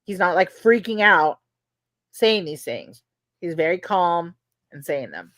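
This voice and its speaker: A woman's voice: on the low side, animated, a little slow, fairly bright tone, no echo. A woman hosting a podcast, casually recounting courtroom testimony in a conversational way, with lots of "you know" and "like.". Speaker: podcast host. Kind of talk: casual recap of trial testimony.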